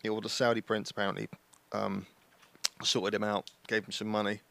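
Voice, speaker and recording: A man's voice: fairly low pitch, little pitch movement, fairly quick, gravelly, fairly bright tone, dry recording. Joking man hosting a podcast. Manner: jokey, playful, drifts into put-on accents. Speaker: podcast host. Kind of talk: casual chat.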